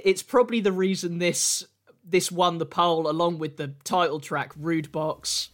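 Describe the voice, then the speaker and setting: A man's voice: fairly high pitch, fairly even intonation, measured pace. A man co-hosting a casual comedy podcast, playful and given to hammy showman announcements. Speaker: podcast co-host. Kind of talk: casual comedic chat about songs.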